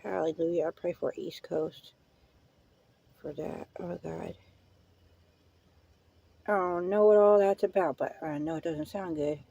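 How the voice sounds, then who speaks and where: A woman's voice: fairly low pitch, fairly even intonation, unhurried, creaky, long pauses, warm tone, husky, no echo, dull audio. A woman hosting a casual live-stream hangout, rambling in a folksy way and dropping prayerful asides. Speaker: livestream host.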